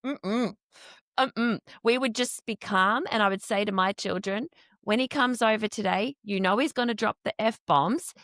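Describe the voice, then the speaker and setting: A woman's voice: medium pitch, measured pace, fairly bright tone, no room sound, clean studio sound. A woman hosting an interview, talking earnestly and emphatically as a foster carer. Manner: earnest, emphatic, acts out quoted speech.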